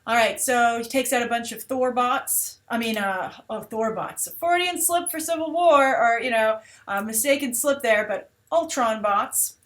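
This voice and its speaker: A woman's voice: on the high side, moderate pace, few pauses. A woman hosting a movie trailer review show, talking casually and animatedly with plenty of fillers. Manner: chatty, animated, with many fillers. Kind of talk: casual commentary.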